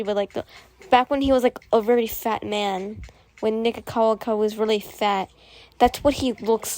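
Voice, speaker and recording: A young female vlogger whose voice is on the high side, with a darkish tone, offers casual, sarcastic commentary. She rambles, restarting sentences and leaning heavily on fillers.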